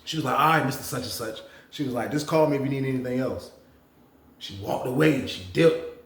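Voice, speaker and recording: A man hosting a casual storytime, animated and profane, talking straight to his viewers. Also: mid-range voice, a little fast, echoey room. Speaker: storytelling channel host. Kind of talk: casual storytime about prison.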